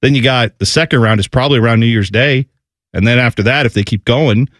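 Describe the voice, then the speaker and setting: A man's voice: mid-range voice, fast, dry recording, studio quality. A man hosting a sports radio show, chatting casually and acting out quoted voices. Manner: animated, acts out quoted voices.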